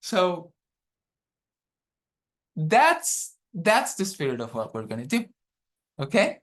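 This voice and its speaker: Man, dharma teacher, guiding a group exercise, unhurried delivery, video call audio. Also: high voice, wildly swooping pitch. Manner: unhurried, checks in often with "okay?". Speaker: dharma teacher leading a workshop.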